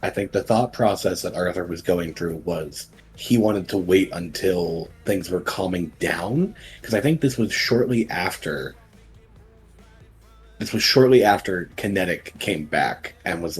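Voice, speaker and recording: A man's voice: deep voice, lively intonation, unhurried, faint music behind. A man guest on a podcast, chatting casually, sheepish and defensive, stammering and repeating himself.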